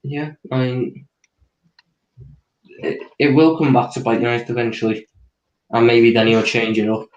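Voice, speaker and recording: A man's voice: medium pitch, flat delivery, measured pace, pauses often, reverberant, lo-fi sound. A man co-hosting a football stream, explaining tactics and walking through player positions. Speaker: tactics analyst co-host. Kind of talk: casual tactical breakdown.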